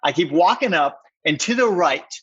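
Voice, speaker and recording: A man, a podcast guest, telling a story with excitement in a rambling, conversational way, full of fillers. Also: a little high, normal speed, breathy edge, dull audio. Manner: excited, rambling, heavy use of "like".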